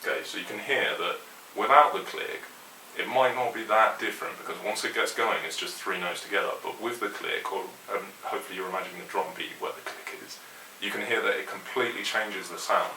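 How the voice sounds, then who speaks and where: A man giving a metal guitar lesson, explaining rhythms in a relaxed, opinionated way and counting along to the click. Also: fairly low pitch, brisk, few pauses. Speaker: guitar teacher. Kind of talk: instructional explanation. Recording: roomy echo, mic at a distance, faint hiss.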